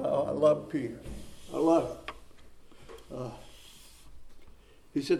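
Pastor guy preaching real slow, repeats himself for emphasis, roomy echo. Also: fairly high pitch, fairly even intonation, vocal fry, warm tone, a little hiss or hum. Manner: repeats phrases for emphasis, reads scripture aloud with rising force. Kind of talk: sermon.

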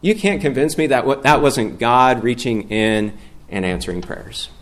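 Middle-aged man, guest preacher, earnest sermon, swells loud on scripture readings. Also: mid-range voice, normal speed.

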